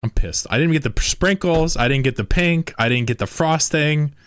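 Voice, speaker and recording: A man's voice: on the high side, normal speed, clean tone, no echo, studio quality. A young man streaming a drawing game, talking casually with lots of swearing and laughter. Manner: profane, excitable, laughs often. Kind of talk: casual live-stream commentary.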